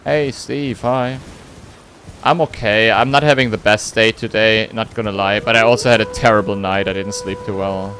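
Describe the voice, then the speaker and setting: A man's voice: fairly low pitch, steady tone, normal speed, a bit bright, slight background noise. A man streaming a game, chatting casually with his viewers, reading chat and humming between lines. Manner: playful, reads chat aloud, hums and sings nonsense. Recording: faint music behind.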